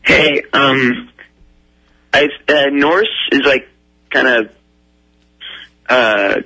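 Radio host puts on a slow-talking clueless caller, halting delivery, bright edge. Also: male voice, medium pitch, slightly rough, pitched below the performer's own voice, full character voice, low-quality recording. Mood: hesitant. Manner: slow, hesitant, full of ums.

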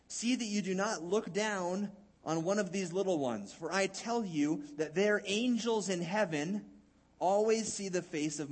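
A male pastor preaching a sermon in a conversational, folksy way, acting out Bible scenes. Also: fairly high pitch.

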